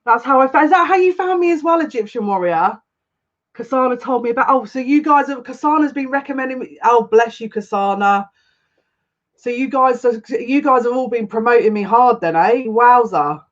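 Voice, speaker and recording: A woman's voice: a little high, normal speed. A woman hosting a casual live stream as a psychic tarot reader, greeting viewers by name, effusive and on the verge of tears. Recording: slightly dull lo-fi sound.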